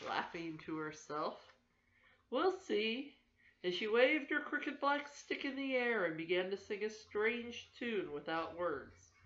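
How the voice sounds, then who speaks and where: An older woman reading a children's story aloud for her grandchildren, gentle and steady, in a roomy, slightly dull home recording. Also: mid-range voice.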